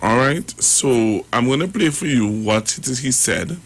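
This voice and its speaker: Trinbago radio host guy, talks slow, lots of ums and restarts. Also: medium pitch, animated, slightly rough. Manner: rambling, halting, full of fillers and restarts. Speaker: radio talk show host. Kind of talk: radio commentary.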